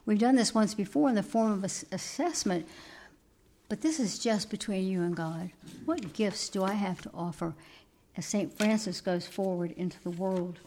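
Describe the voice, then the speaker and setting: A woman giving a sermon, telling a story and moving between emphatic lines and hushed asides. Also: mid-range voice, moderate pace, a little hiss or hum. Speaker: preacher.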